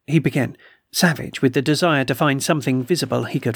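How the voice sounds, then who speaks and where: A man reading a period ghost story aloud in a measured, literary manner. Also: mid-range voice, husky, dry recording, clean studio sound. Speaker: audiobook narrator.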